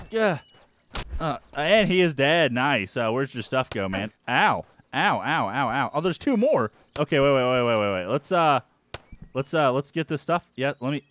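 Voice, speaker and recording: A man hosting a let's-play, giving excitable, jumpy commentary and yelping at surprises. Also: mid-range voice. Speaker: gaming channel host.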